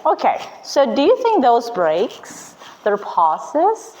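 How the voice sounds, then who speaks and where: A woman's voice: a little high, huge pitch swings, takes it slowly, a little mellow, slight background noise, low-quality recording. A woman teaching an English class at a university, asking her students questions and prompting their answers in a classroom.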